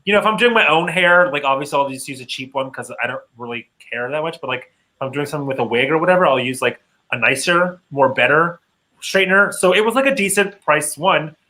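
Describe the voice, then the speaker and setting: A man rants about a lost item on a casual podcast, his voice bright and a touch high. His talk is chatty, loose and full of fillers and swearing. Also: quick pace, low-quality recording. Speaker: podcast co-host. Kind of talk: casual chat, storytelling.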